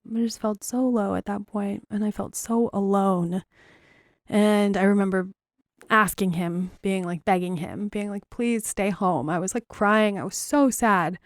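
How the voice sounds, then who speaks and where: A young woman hosting a podcast, telling a personal story frankly with lots of fillers and dark humor. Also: mid-range voice, no room sound, clean studio sound. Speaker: podcast host.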